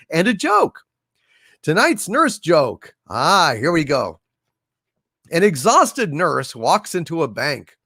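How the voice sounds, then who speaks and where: A man's voice: on the high side, fairly bright tone, no room sound, studio quality. A man hosting a casual livestream, thanking donors and telling jokes, with a hesitant delivery full of "uh"s. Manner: hesitant, many filler "uh"s, jokey. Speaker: livestream host.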